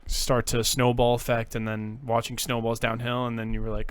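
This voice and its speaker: A man's voice: mid-range voice, monotone, normal speed, clean tone, dry recording. A man co-hosting a podcast in casual chat, rambling and jokey, swearing casually. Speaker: podcast co-host.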